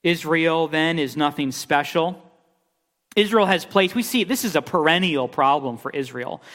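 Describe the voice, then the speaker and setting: A man's voice: a little high, lively intonation, normal speed, fairly bright tone. A man preaching an expository sermon, emphatic, with rhetorical questions and repeated phrases. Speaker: pastor. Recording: long reverb of a large hall.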